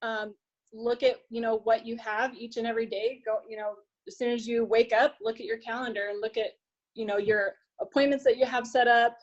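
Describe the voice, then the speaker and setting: A woman's voice: fairly high pitch, muffled recording. A woman in her thirties, a health coach and nurse, sharing tips in a friendly, hesitant way with many fillers. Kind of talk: sharing tips on a group call.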